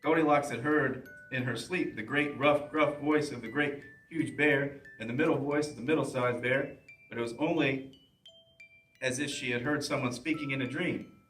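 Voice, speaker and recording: A man reads a children's bedtime story aloud in a plain, steady voice at an ordinary middle pitch. He sits away from the mic, and the room adds a clear echo. Faint music plays underneath. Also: normal speed. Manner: plain, steady reading with small slips. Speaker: police officer reading to children. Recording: roomy echo, mic at a distance.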